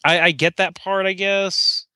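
High, bright-voiced man chatting casually. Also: steady tone, measured pace, no room sound, clean studio sound. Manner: restarts a lot, builds to emphatic rhetorical questions. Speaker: podcast co-host. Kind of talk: casual chat.

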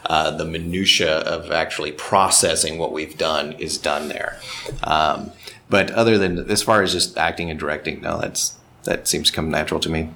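A man's voice: very deep voice, fairly even intonation, normal speed, vocal fry, sharp tone, a little hiss or hum. A man from Texas, a voice actor, chatting in an interview with easy self-deprecating humor. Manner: self-deprecating, slips into voice impressions. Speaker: voice actor and director. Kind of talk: relaxed interview chat.

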